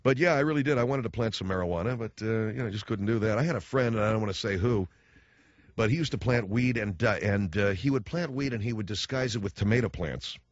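A man's voice: on the low side, fast, no room sound, lo-fi sound. A middle-aged man hosting a radio talk show, rambling wryly in a casual monologue. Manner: rambling, wry.

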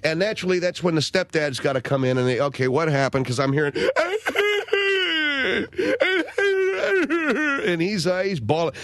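A man hosting a radio talk show, telling rambling stories and acting out quotes in a higher voice before reading announcements. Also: fast talker, hardly any pauses, slight background noise. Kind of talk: casual radio chat and announcements.

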